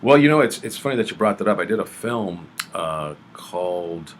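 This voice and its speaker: A man's voice: low-pitched, lively intonation, moderate pace, slight background noise. A man in casual conversation who rambles and often stops to search for names. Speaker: guest with acting and production experience. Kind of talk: casual chat.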